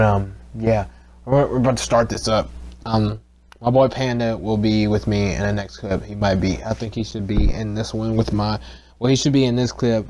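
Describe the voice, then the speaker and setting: A young man recording a casual voiceover for his gaming channel. He rambles, swears constantly, restarts his sentences and gets excitable. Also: fairly low pitch, slight background noise.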